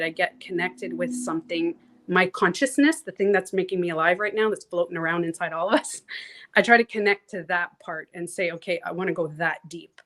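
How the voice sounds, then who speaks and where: A woman coach talking casually in an interview, animated, acting out inner voices and laughing easily. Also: fairly low pitch. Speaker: transformation coach, guest.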